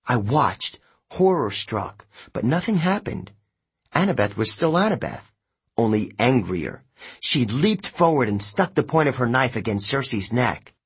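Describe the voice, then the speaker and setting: A man reads a first-person audiobook in a slow, measured way. His voice is husky and breathy, and his pitch moves lively through each sentence. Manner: expressive, unhurried. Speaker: audiobook narrator.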